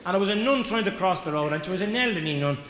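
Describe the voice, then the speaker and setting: A man's voice: high voice, lively intonation, very fast, fairly bright tone. A man with an Irish accent doing stand-up, telling jokey anecdotes and acting out the people in them. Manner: jokey anecdotes, acts out characters, laughs along. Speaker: stand-up comedian. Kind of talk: live stand-up storytelling. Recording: echoey hall with background noise.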